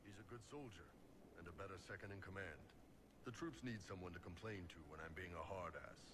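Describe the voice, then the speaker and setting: A man's voice: low voice, brisk, lightly acted. An actor playing a huge, blunt male mercenary chief in a video game, speaking with dry humor. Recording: game audio under steady noise.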